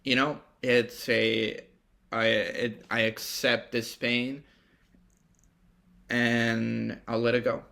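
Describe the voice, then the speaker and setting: Young guy doing a solo podcast, slow and gravelly, swears a lot, kinda rambly. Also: mid-range voice, level tone, pushed and bright. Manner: rambling, profane, reflective. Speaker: podcast host. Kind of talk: casual solo monologue.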